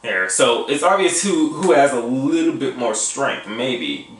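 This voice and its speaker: A man hosting a reaction video, stammering through casual commentary and bursting into excited exclamations. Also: mid-range voice, a little slow. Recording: echoey room, mic at a distance. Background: faint music from the video.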